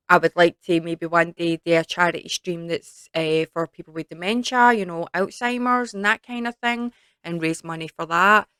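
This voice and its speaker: A woman's voice: fairly low pitch, sharp tone, clean tone, no echo. A young woman with a Scottish accent chatting casually to camera in a Q&A, rambling with lots of fillers. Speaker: YouTube creator.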